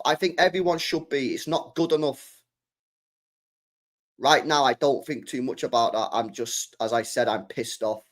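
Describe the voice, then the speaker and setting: A young man chats on a live stream about his football club, mid-pitched and worked up. He swears freely, circles back to the same points and answers his chat in a loose, fan-to-fan way. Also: fairly even intonation, normal speed, fairly bright tone.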